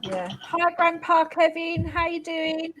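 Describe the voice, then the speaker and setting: A woman's voice: very high-pitched, monotone, takes it slowly, slight background noise, poor audio. Chatty older woman hosting a stream. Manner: chatty, warm sign-off thanks. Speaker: live stream host. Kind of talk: casual live chat.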